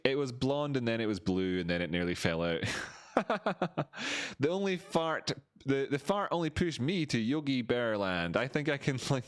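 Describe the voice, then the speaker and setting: A man from Scotland, hosting a crypto livestream in a rambling, self-mocking chat while reading viewers' messages aloud. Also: on the low side.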